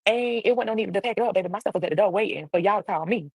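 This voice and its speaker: A young adult woman telling a casual storytime on a livestream, animated and acting out the voices of people in her story. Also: medium pitch, racing, husky, no room sound, rough recording. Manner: animated, acts out quoted voices. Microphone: livestream computer mic.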